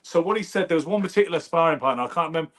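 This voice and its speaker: Man, fast-talking, slightly high voice, casual anecdotal chat. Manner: animated, anecdotal, does brief impressions. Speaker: podcast host. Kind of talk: casual conversational storytelling.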